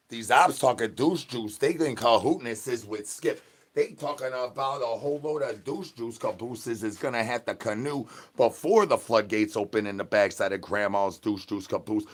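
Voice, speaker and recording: A man hosting a livestream, rambling nonsense and chanting the same catchphrases at his chat, dropping to a mumble and then bursting out louder. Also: mid-range voice, moderate pace. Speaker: livestream host. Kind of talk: absurd livestream banter.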